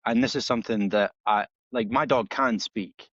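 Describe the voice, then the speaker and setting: A man, a dog trainer guest on a podcast, telling stories in a casual, animated way and acting out the dialogue with many restarts. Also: fairly low pitch, moderate pace, dry recording. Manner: animated storytelling, acts out dialogue with frequent restarts. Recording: slightly dull, dry audio.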